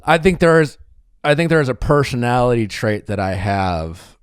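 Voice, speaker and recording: A man's voice: mid-range voice, expressive, moderate pace, smooth, dry recording, clean studio sound. A man in his forties hosting a podcast, talking earnestly and thinking aloud in a casual chat. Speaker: podcast host.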